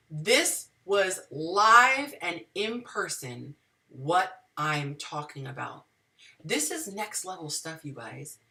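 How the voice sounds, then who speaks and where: A woman's voice: fairly low pitch, sharp tone, recorded from a distance. A woman hosting a live dating advice talk, speaking to viewers in an emotional, preachy, spiritual way.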